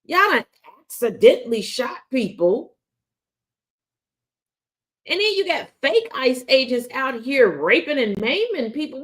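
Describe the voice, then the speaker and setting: A woman's voice: high-pitched, sing-song, a little slow, fairly bright tone. Profane, blunt woman news commentator. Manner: taunting, confrontational. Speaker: host.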